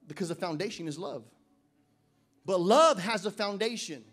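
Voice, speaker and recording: Pastor guy with a really high voice preaching, goes loud then quiet and jokey, reads scripture slow. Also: expressive. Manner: swings between loud emphatic declarations and quiet joking asides; reads scripture slowly and deliberately. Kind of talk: sermon. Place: church service.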